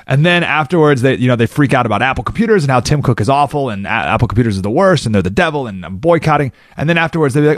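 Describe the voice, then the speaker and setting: Animated male radio talk host. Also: mid-range voice, racing, few pauses, no room sound, studio quality. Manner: animated, acts out quoted people.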